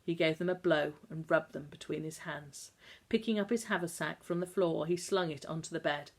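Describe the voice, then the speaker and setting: A woman narrating a novel aloud in a measured, calm storytelling manner. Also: deep voice. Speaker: audiobook narrator. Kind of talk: scripted narration.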